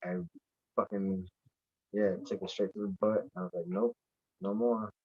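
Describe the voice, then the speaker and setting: A man's voice: low-pitched, flat delivery, normal speed, no room sound. A man chatting casually as a podcast guest, telling stories in a rambling, heavily profane, emphatic way. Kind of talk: casual chat. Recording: dull lo-fi dry sound.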